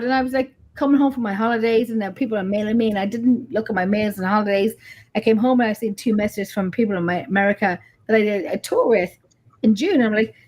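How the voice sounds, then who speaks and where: A husky, fairly high-voiced woman talks in a lively casual chat. She is a middle-aged paranormal investigator who tells stories by acting out what people said to her, with the odd swear word. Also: a little fast. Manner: animated storyteller, swears, acts out dialogue.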